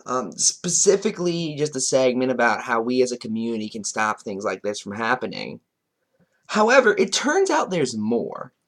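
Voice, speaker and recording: A man's voice: mid-range voice, sing-song, moderate pace, a bit bright. A man doing a commentary vlog, reading chat logs aloud and breaking in with sarcastic, chuckling asides. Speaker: commentary YouTuber.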